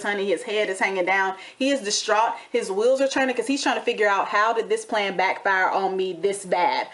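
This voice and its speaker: A woman with a fairly high voice hosts a reality TV recap. She dishes in a sassy, dramatic way and calls her listeners honey and baby. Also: a bit bright. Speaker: recap show host.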